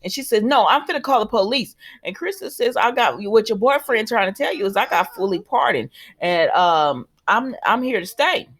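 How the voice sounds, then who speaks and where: A woman's voice: on the high side, big pitch swings, normal speed, few pauses, a bit bright. A woman giving a casual, chatty recap of a soap opera episode. She keeps retelling the characters' lines in her own words. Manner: chatty retelling that slips into quoted dialogue, many fillers.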